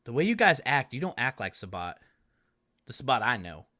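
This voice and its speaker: A man voicing a wary, weary sibling who speaks haltingly and quietly. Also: medium pitch, sing-song, pitched below the performer's own voice. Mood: uneasy. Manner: halting, hushed, uncertain.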